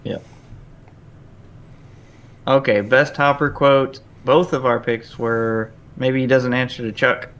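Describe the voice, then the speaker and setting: A man co-hosting a movie podcast, briskly running through the list of categories. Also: medium pitch, steady tone, a bit bright. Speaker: podcast co-host. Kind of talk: casual film discussion.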